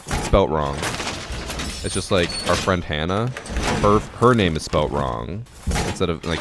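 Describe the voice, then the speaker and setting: A man's voice: a bass voice, noisy background. A man in his twenties chatting casually on a live stream, telling a profane, ranting story. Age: 20s.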